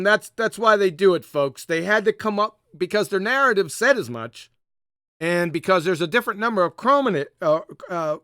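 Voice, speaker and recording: A man's voice: high voice, sharp tone, clear, resonant tone, dry recording, studio quality. A man hosting a live online discussion, mocking and emphatic, often calling out to viewers. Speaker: host.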